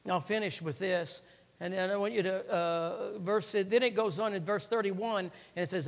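A man preaching a sermon and reading scripture, swinging between loud emphasis and hushed, quiet phrases and repeating lines for emphasis. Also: sits high, steady tone, moderate pace. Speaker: pastor. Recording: long reverb of a large hall.

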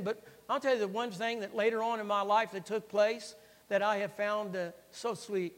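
High-voiced preacher in a reverberant hall. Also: male voice, fairly even intonation, moderate pace. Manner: swings between loud emphasis and hushed, quiet phrases; repeats phrases for emphasis, reads scripture aloud. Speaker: pastor. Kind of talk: sermon. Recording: long reverb of a large hall.

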